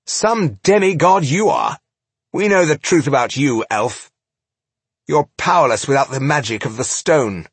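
A man voicing a boastful, theatrical male impresario with a husky voice in an audiobook. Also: a little high, expressive, measured pace, no room sound, pitched above the performer's own voice, full character voice. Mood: triumphant. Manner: showy, brash. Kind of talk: audiobook character voice.

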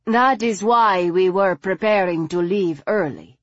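A woman reading the part of a refined, patient aristocratic lady who speaks in a measured, gently chiding way. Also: mid-range voice, no room sound, dull audio, voice pushed up, natural voice.

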